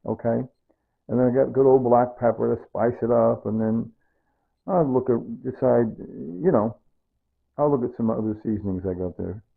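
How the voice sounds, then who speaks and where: Rambling gravelly man, tinny phone-like sound. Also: mid-range voice, normal speed. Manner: rambling, repeats himself. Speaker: home cook. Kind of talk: casual rambling cooking talk.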